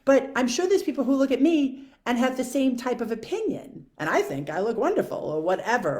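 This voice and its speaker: A woman vlogger talking through her own thoughts in a candid, self-questioning, casual monologue. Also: medium pitch. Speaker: video blogger. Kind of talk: reflective personal monologue.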